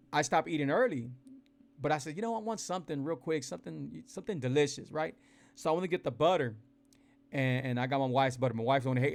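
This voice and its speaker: A man talking casually and energetically to his followers on a phone livestream. He repeats himself a lot and speaks to viewers in a folksy way about his eating. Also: mid-range voice. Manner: animated, repetitive, folksy, addresses viewers directly. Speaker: keto weight-loss vlogger. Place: indoors, livestreaming.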